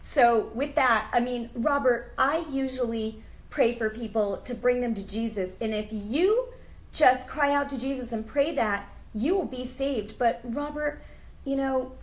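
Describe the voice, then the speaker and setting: Fervent, high-voiced woman host. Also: unhurried, rough recording. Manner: fervent, emotional, prays aloud. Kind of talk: Christian interview show.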